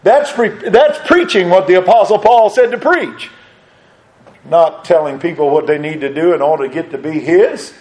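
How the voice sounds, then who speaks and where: A man preaching a sermon, his voice sitting on the higher side. He builds his points through repeated phrases, climbing to loud high peaks and then sinking low and quiet. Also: moderate pace, poor audio. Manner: preaching with rises and drops in pitch and volume; repetitive, emphatic phrasing.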